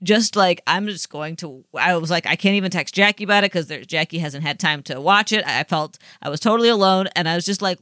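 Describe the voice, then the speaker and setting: A woman co-hosting a podcast in casual chat, excitable and rambling with frequent restarts. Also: lowish voice, fairly quick, hardly any pauses, dry recording, studio quality. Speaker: podcast co-host.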